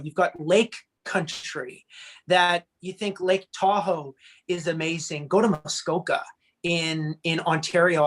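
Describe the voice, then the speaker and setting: A man from Canada, a country singer, chatting as a guest in a casual video-call interview and telling stories with lively acted-out quotes. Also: high-pitched. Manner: animated storyteller, acts out quotes.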